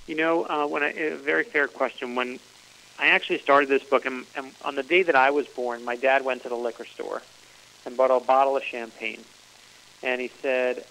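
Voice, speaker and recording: Man, author guest, bright tense voice, gravelly edges, earnest storytelling, faint hiss. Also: medium pitch, steady tone, moderate pace, poor audio. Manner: earnest storytelling, many restarts. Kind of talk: radio interview.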